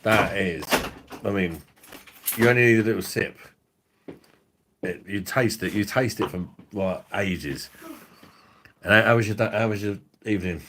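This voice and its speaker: A man's voice: lowish voice, measured pace, pauses often, a bit bright, a little hiss or hum. A man, hosting a drinks review livestream in a rambling, profane, laughing way. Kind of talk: casual livestream chat.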